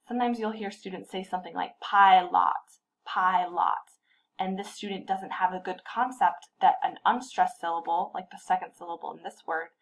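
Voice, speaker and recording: A woman gives a short instructional tip for literacy tutors. She speaks in a clear, patient teaching voice and draws out example words slowly to show where the stress falls. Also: lowish voice, rough recording.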